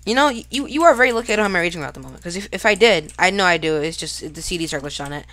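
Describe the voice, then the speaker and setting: A woman giving live gameplay commentary, excitable and casual, talking to herself and shouting at big plays. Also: on the low side, racing, no echo. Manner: casual slang, talks to self while fighting. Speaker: gaming YouTuber.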